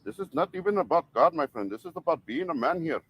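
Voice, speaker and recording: A man's voice: on the high side, animated, quick pace, a bit bright, breathy edge. A man putting on a fake Indian-style accent, playing a confrontational self-styled rights auditor who lectures and keeps repeating "my friend". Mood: scolding. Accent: put-on fake Indian-style accent. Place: outdoors by a church.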